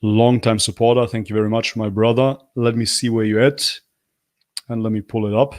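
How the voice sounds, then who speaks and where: A man's voice: flat delivery, normal speed, a little mellow, dry recording, studio quality. Sarcastic man on a livestream. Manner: sarcastic, mocking, blunt; mocks with high, whiny put-on apologies. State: losing his voice. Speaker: livestream host reacting to a video. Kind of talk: live reaction commentary.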